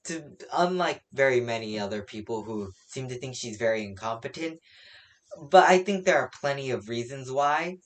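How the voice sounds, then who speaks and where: A reviewer casually recapping a comic chapter, rambling with many fillers and laughing at their own slips. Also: medium pitch. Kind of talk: casual spoken recap and opinion.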